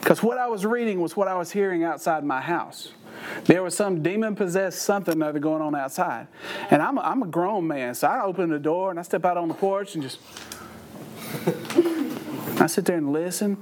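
An older man, preaching through lively, folksy personal stories. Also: sits high, normal speed, slight background noise. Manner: animated, folksy storytelling with laughs. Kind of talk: storytelling sermon.

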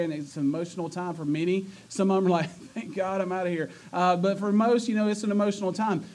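A man hosting a church youth night, joking, teasing the crowd and running announcements. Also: high-pitched. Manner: joking, energetic, stumbles and teases the audience. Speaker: youth pastor. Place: church youth room with a live audience.

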